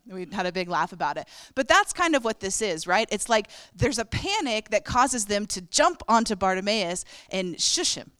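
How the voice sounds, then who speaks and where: A woman's voice: on the high side, animated, moderate pace, a bit bright, no echo. A woman preaching a sermon, telling the story with animation and acting out the characters' voices.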